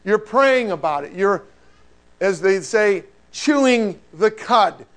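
Male pastor, middle-aged, high voice; lively conversational sermon, asks the congregation questions. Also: slow pace. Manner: animated, conversational preaching with rhetorical questions.

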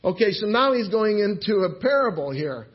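A male preacher delivers a sermon in a high-pitched voice, talking animatedly and slipping into characters to act out the story. The church recording sounds dull and lo-fi. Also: sing-song, normal speed.

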